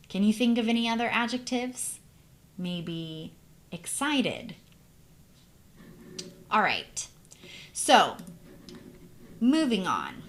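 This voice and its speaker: A woman teaching English pronunciation, modeling word endings carefully and asking the learner questions. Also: medium pitch. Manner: clear, careful, deliberate modeling of sounds. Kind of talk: recorded teaching lesson.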